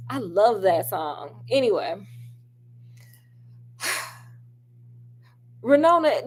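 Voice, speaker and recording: Chatty woman with a higher voice. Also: slow pace, long pauses. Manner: animated, chatty, calls viewers girl and honey. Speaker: film review vlogger. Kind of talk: casual chatty film review.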